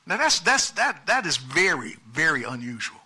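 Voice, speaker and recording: Male pastor, high and bright voice, dynamic preaching that jumps between hushed and loud. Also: moderate pace, husky. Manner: animated preaching, swings from soft asides to loud emphasis. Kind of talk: sermon.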